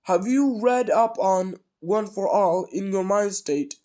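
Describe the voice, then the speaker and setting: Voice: medium pitch, lively intonation, takes it slowly, mellow, pitched above the performer's own voice. A speaker with a cold voicing a cheerful, theatrical adult male hero mentor in a casual fan story. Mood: hearty. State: sick with a cold.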